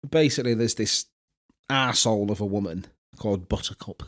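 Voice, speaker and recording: A man's voice: fairly low pitch, fairly quick. A man, co-hosting a podcast in casual chat, telling stories animatedly. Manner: animated storytelling, puts on quoted voices. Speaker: podcast co-host.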